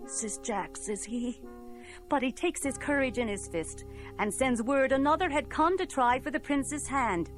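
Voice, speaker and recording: A woman's voice: fairly high pitch, lively intonation, unhurried, faint music behind. A woman telling a folk tale in a playful, rhythmic, musical way. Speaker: storyteller.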